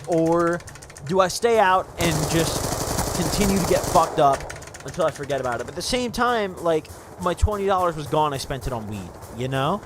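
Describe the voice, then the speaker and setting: Lively young man rambling over gunfire. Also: a little high, very noisy. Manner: profane, rambling, says "dude" constantly. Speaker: gaming channel host. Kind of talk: casual storytime over gameplay. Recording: gunfire from gameplay behind voice. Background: game gunfire and vehicles.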